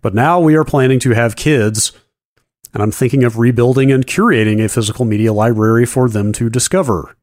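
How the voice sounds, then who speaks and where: A man co-hosting a podcast, reading a listener email aloud in an even, steady way. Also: medium pitch, fairly quick, no room sound, clean studio sound. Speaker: podcast co-host.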